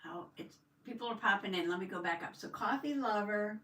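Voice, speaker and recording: A woman's voice: medium pitch, expressive, fairly quick, pushed and bright. An older woman hosting a casual live journaling stream, chatting with viewers and greeting them with a folksy "howdy". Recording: echoey room, mic at a distance.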